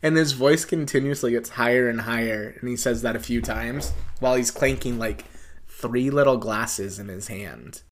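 A man co-hosting a podcast in casual chat, animated, laughing often and quoting movie lines. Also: mid-range voice, normal speed. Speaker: podcast co-host.

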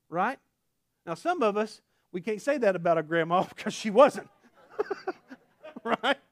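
A man with an Oklahoma accent preaching a casual, folksy sermon, his pitch swinging up and down with real animation. He drops into chatty asides and laughs at himself. The sound is close and dry, with no room echo. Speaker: pastor. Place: church sanctuary.

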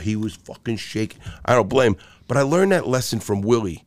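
This middle-aged Brooklyn man talks fairly quickly in a lowish voice. A onetime jewel thief guesting on a podcast, he spins profane tales, cursing constantly and performing each exchange with animated flair.

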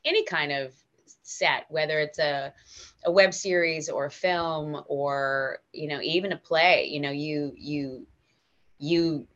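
An American woman, a guest actor, telling stories in a casual interview, animated and emotional with many restarts. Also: deep voice, slow pace, dull audio. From United States.

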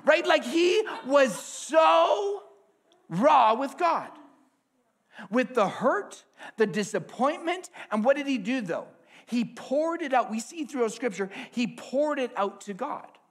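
A man preaching a sermon with an object lesson, swinging between hushed asides and loud emphasis. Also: high-pitched, slightly rough.

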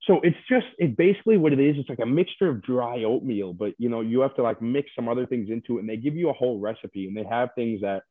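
Heard through a dry, tinny phone connection, a former reality contestant speaks fast in a mid-range voice, barely pausing. His interview answers are casual and meandering, full of fillers.

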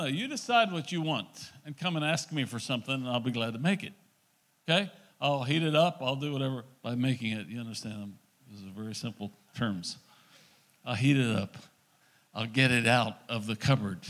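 A man's voice: mid-range voice, lively intonation, brisk, a bit bright. A middle-aged male pastor giving a conversational sermon, acting out little dialogues as he teaches.

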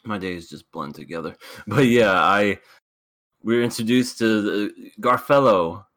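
A man's voice: lowish voice, measured pace, a bit bright, no room sound. A man co-hosting a podcast in casual chat, hesitant with fillers and laughing often. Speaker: podcast co-host.

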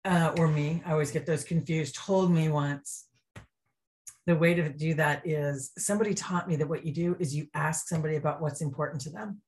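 A woman's voice: deep voice, steady tone, moderate pace, a little mellow. Earnest, enthusiastic female guest. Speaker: guest, restaurant consultant. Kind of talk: casual interview chat.

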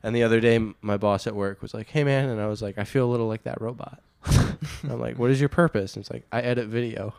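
A man's voice: fairly low pitch, fairly even intonation, fast talker, creaky, few pauses, darkish tone, clear, resonant tone, no room sound. A young man chatting as a podcast guest, laid-back and storytelling. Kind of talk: casual chat.

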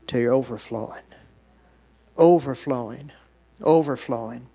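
A man's voice: on the high side, steady tone, normal speed. A man pastor preaching a sermon, moving between conversational asides and bursts of emphatic delivery.

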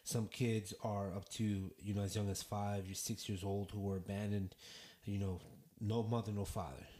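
A man's voice: lowish voice, level tone, normal speed, warm tone. A man, a father, telling a story as a guest in a casual round-table talk, earnest and full of "you know". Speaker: podcast guest. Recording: roomy echo.

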